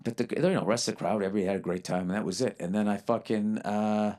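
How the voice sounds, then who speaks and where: A man's voice: fairly low pitch, fast talker, a little mellow. A man who is a stand-up comedian, telling stories on a podcast in a blunt way full of swearing. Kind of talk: profane podcast storytelling.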